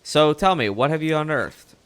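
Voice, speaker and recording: A man voicing an eager male bird news reporter with a put-on Mid-Atlantic accent, brisk and folksy. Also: a little high, expressive, fairly bright tone, clear, resonant tone, voice pushed up. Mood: chummy. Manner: brisk, folksy, keeps saying partner.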